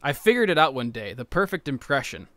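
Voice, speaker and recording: A man co-hosting a podcast, chatting casually in a crude, joking, excitable way. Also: medium pitch, brisk, dry recording. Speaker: podcast co-host. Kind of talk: casual chat.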